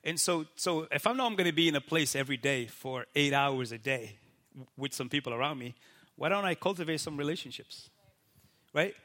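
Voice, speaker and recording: High, bright-voiced animated pastor man. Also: fairly quick. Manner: animated, keeps asking "right?" and acts out quoted people. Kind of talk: casual faith talk.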